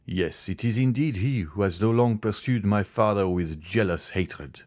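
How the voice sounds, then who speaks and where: Man reading an angry young aristocrat, clipped, indignant, low voice, dry sound. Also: normal speed, darkish tone, no room sound, close to an everyday voice. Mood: vengeful. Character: hot-headed young nobleman bent on a duel.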